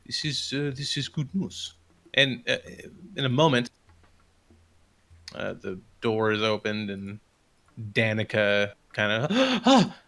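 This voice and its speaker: A man's voice: fairly low pitch, big pitch swings, takes it slowly, bright, forceful tone. A man running a tabletop game as game master, narrating loosely with many fillers.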